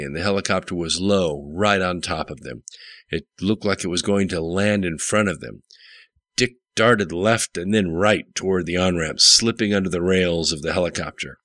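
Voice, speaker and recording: Deep-voiced male audiobook narrator. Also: sharp tone, dry recording. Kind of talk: scripted narration.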